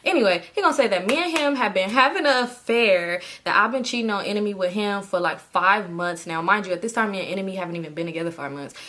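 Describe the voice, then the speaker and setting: Casting note: young woman, casual storytime, lively delivery with sudden high quoted lines. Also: fast talker, few pauses. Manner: animated, swearing, acts out quotes in high bursts.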